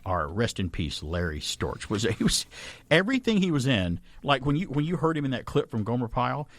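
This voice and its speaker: A man hosting a podcast, chatty and quick to laugh, in casual conversation. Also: medium pitch, very animated, no echo. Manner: chatty, laughs easily, many "right"s. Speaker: podcast host. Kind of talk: casual chat.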